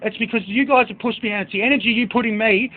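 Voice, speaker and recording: Agitated high-voiced man. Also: steady tone, quick pace. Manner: angry, rambling, swears; reads out list of book titles. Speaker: speaker addressing staff. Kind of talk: agitated monologue. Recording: tinny phone-like recording.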